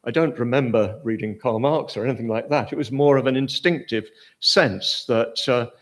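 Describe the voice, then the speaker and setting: Older english guy with a posh accent giving a buddhist talk, lots of ums and restarts, thinking out loud. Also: mid-range voice, normal speed. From Britain. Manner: hesitant, many fillers and restarts. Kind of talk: informal lecture.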